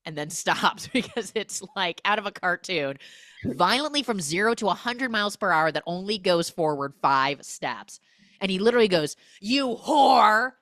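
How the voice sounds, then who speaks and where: A young adult woman hosting a podcast, recapping a film in a casual, animated storytelling way. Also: lowish voice, moderate pace, dry recording, clean studio sound. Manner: animated storytelling, acting out characters. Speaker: podcast host.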